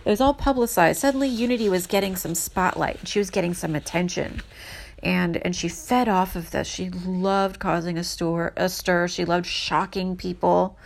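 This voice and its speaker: A woman narrating history from her notes in a casual, earnest way, emphatic and halting with many restarts. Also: lowish voice, steady tone, gravelly.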